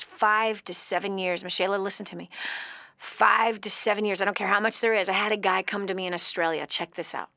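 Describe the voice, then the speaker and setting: A woman hosting a call-in show as a financial coach, lecturing a caller with blunt, emphatic tough love that swings between loud emphasis and low, quiet urging. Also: steady tone, a little fast, creaky, no echo, clean studio sound.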